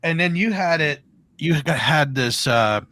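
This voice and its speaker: A man hosting a podcast, asking low-key, slightly hesitant questions to pin down a timeline. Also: animated, measured pace, sharp tone. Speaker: podcast host. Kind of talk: casual interview questions.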